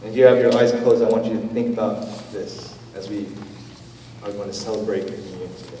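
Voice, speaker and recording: Male pastor, low and mellow, easygoing sermon delivery, miked from afar in a roomy church hall. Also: steady tone, fairly quick, recorded from a distance, slight background noise. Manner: conversational, gentle preaching with fillers. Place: church sanctuary.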